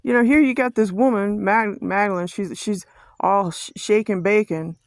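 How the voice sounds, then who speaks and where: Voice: medium pitch, fairly even intonation, normal speed, no room sound. A vlogger delivering a profane, rambling conspiracy rant to camera, firing off repeated rhetorical questions and stumbling over restarts. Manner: ranting, repetitive rhetorical questions, heavy swearing.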